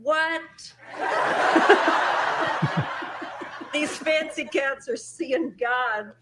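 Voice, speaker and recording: An actress playing a crude, unbothered woman describing an alien abduction in a flat, folksy way. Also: sits high, extremely slow, heavy background noise. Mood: deadpan, blunt. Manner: deadpan storytelling with folksy slang. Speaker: alien abductee being questioned. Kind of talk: sketch comedy acting.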